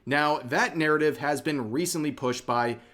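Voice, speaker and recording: A man narrating a scripted commentary video in a measured, steady reading. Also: fairly high pitch.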